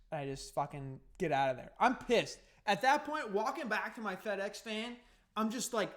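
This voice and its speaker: A man's voice: sits high, measured pace, a bit bright. A man hosting a podcast, telling a story in casual, profane, heated rambling. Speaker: podcast host.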